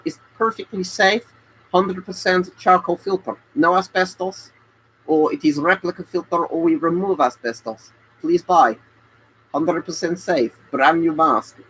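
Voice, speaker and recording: Put-on Russian accent, broken grammar, pushy sales pitch, higher voice, faint background hiss, as a man puts it on. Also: a little slow, fairly bright tone, poor audio. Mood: hammy. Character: hammy mock-Russian man selling gas masks. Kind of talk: live stream chat.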